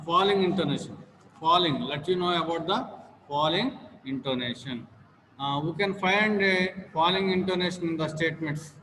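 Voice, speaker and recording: A man's voice: on the high side, pushed and bright. A man giving a classroom lecture as a teacher, repeating each example several times to model stress and intonation. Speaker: English teacher. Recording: long classroom reverb, faint noise.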